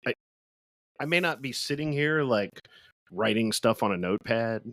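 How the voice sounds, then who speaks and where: A male podcast co-host talking haltingly in casual conversation, searching for words and sighing. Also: mid-range voice, lively intonation, fairly bright tone, no room sound, clean studio sound.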